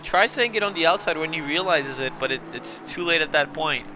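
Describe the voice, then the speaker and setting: A man's voice: a little high, a little fast, background noise. A young man commentating a sim race live while fighting a bout of hiccups, apologising and laughing at himself between calls. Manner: flustered, self-mocking, apologetic between calls.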